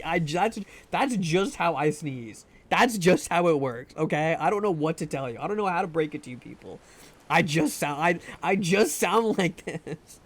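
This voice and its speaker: A man streams a game live from home, talking casually to viewers into a desk microphone. His voice is on the high side and expressive at a normal speed, and he laughs often while making jokes at his own expense.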